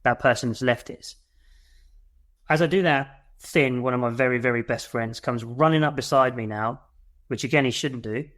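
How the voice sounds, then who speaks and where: A man with a mid-range voice and normal pace tells a war story as a guest on a podcast. He's a British veteran whose delivery is blunt and full of swearing, and he re-enacts his shouts.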